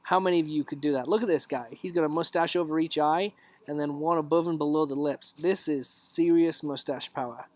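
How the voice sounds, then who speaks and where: A man's voice: a little high, steady tone, a little fast, dry recording. Chatty man joking through memes. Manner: chatty and jokey, dropping into whispers for asides. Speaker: youth leader hosting a live stream. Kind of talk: casual live-stream commentary on memes. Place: outdoors.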